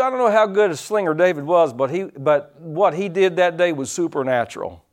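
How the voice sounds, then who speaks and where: A man preaching a sermon as pastor, folksy, telling stories and swinging his loudness up and down, from the United States. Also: fairly high pitch, lively intonation, a little fast. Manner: folksy storytelling preacher, rising and dropping loudness.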